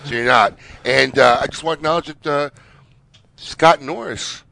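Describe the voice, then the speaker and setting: A middle-aged man co-hosting a podcast, chatting casually and breaking into excited exclamations. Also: mid-range voice, normal speed, vocal fry. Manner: excitable, bursts into loud exclamations. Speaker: podcast co-host.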